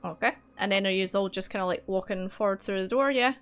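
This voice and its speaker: A woman narrating as dungeon master for a tabletop game, relaxed and chatty with lots of fillers. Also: medium pitch, fast, clean tone. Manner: relaxed, filler-heavy narration with easy laughs. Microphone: streaming mic.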